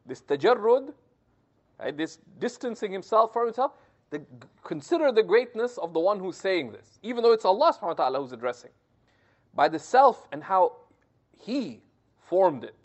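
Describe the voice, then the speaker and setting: A man gives a scripture commentary lesson in an explanatory, step-by-step way, often pausing to check in with his listeners. His delivery is animated, with his pitch rising and falling widely. The recording sounds dull and lo-fi. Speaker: religious teacher.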